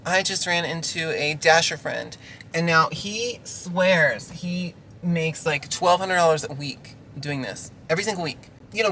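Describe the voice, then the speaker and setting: A man ranting casually in an animated, exasperated way while working as a delivery driver. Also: on the high side, slight background noise, low-quality recording.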